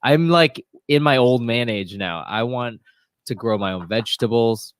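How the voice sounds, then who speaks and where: A man's voice: mid-range voice, normal speed, clean tone, no echo. A young man co-hosting a casual chat, laid-back and rambling, laughing easily. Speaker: YouTube co-host.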